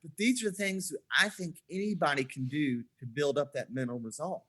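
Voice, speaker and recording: This man in his forties speaks at a moderate pace in a voice on the high side, with a breathy edge. He's a podcast guest spinning stories in relaxed conversation and performing each quoted line with lively flair.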